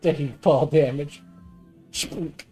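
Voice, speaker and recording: A woman's voice: low voice, slow pace, dark tone, slightly rough, faint music behind. A woman streaming a game, chatting casually, swearing and teasing with jokes. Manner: profane, teasing, jokey. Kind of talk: casual gaming stream chat.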